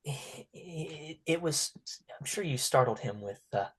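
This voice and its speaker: A man's voice: a little high, animated, breathy edge, heavily acted. A man putting on a timid teenage orphan girl. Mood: pleading. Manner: hesitant, halting and soft-spoken, often whispering.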